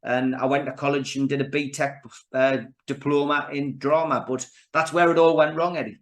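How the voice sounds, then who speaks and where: A man's voice: a little high, fairly even intonation, moderate pace. Chatty fifty-year-old Geordie man. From Newcastle, England. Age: 50s. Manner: chatty, anecdotal storytelling. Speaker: guest. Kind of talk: casual podcast interview.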